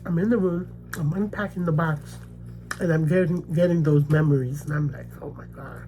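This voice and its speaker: A woman from the Bronx, New York, a mukbang vlogger, tells a personal story to camera in a low, steady, dark-toned voice at a moderate pace, with a little hiss or hum. Her casual vlog talk is emphatic and repetitive, checking in with "okay?" and "you know what I mean?"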